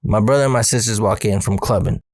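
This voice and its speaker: A man's voice: fairly low pitch, fast talker, a little mellow, dry recording. Slangy man telling a story, dry sound. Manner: casual, slangy, profane. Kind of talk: casual personal storytelling.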